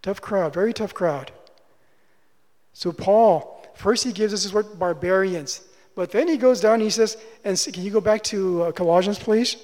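Man, preacher, high-pitched voice, sermon with rhetorical questions, long hall reverb. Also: normal speed, darkish tone. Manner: teaching with rhetorical questions and repeated phrases.

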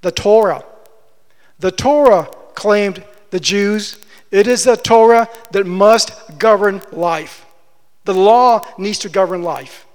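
Impassioned high-voiced male preacher in a hall. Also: slow. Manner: impassioned, rises to emphatic declarations. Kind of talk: expository sermon. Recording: long hall reverb.

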